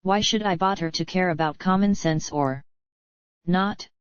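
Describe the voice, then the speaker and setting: A woman voicing a cynical man musing about his own guilt, in a slow screenplay reading. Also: on the low side, clear, resonant tone, no echo, lightly acted. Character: brooding cynical man, political criminal. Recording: dull lo-fi dry recording.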